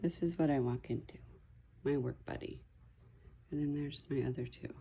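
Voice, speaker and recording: Mom vlogger, middle-aged woman; low, mellow, gravelly voice, unhurried, coos and half-whispers to her pets at home. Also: dull audio, slight background noise. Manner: coos softly to a kitten, often half-whispered. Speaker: mother and cat owner. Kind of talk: casual home vlog. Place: family home indoors.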